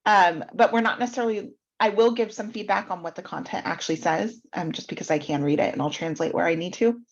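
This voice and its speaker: A woman hosting an online workshop over a video call is a mentor reviewing websites, explaining her feedback step by step with frequent ums. Her voice is fairly low-pitched and fast, and the audio is dull.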